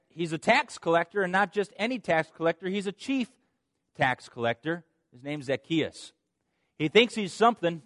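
Male pastor, sermon delivery, animated storyteller, fairly high voice, dry recording. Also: dry recording. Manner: animated storytelling, repeats words at phrase starts.

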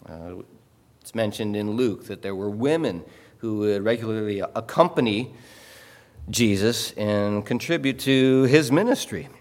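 A man preaching a sermon in a conversational way, often pausing to ask "okay?" and repeating words as he explains. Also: on the low side. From Illinois. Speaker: pastor. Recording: long hall reverb.

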